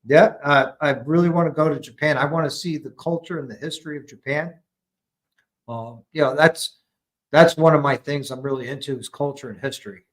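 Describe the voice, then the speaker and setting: Higher-pitched American army veteran, earnest. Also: male voice, steady tone, a little fast, poor audio. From United States. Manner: earnest, storytelling. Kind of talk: casual chat. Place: garage at home.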